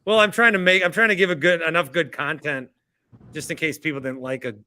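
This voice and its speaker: A man's voice: fairly high pitch, fairly even intonation, fast, pushed and bright. A man hosting a casual call-in show, joking and teasing his callers. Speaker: show host.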